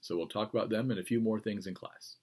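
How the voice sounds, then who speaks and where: Guy lecturing his class on writing, gets emphatic and animated, tosses in playful asides. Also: on the low side, fast talker, slightly rough. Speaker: teacher.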